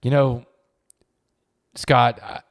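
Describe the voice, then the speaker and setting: A middle-aged man, a podcast guest, telling an emotional story in an earnest, halting way and often repeating words when moved. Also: medium pitch, flat delivery, vocal fry.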